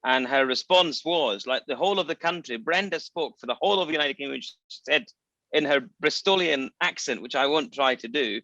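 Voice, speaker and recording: Guy on a podcast, bright sharp voice, opinionated, lots of ums, dry lo-fi sound. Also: medium pitch, brisk, vocal fry, no room sound. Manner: opinionated, hesitant with many fillers. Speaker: co-host. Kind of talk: casual podcast chat.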